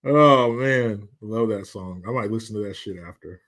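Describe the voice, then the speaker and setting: A man's voice: mid-range voice, drawn-out words, long pauses, fairly bright tone. A man in his forties hosting a live stream, casually chatting and reading out viewer comments in a jokey, profane way, laughing often. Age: 40s.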